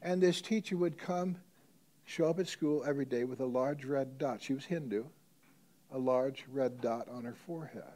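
A male pastor telling a story in a sermon, mid-pitched for a man. He swings from loud, stressed phrases to quiet, hushed ones. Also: normal speed.

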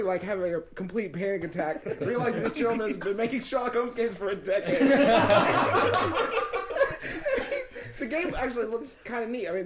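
A man guest on a podcast telling a story with animated laughter. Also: high voice, slight background noise.

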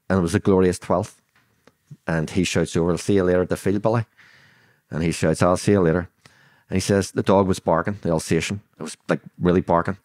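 Older Belfast man, deep and gravel-free, dry close recording, vivid blunt storyteller who voices each speaker. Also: darkish tone, dry recording. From Northern Ireland. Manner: vivid retelling that acts out quoted dialogue; blunt, swears freely. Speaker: guest. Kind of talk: storytelling interview.

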